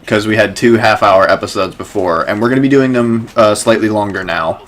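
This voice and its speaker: A man's voice: lowish voice, a little fast, fairly bright tone. A man from Wisconsin giving casual, joking commentary while playing a video game, swearing now and then. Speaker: gameplay host. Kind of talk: casual let's-play commentary.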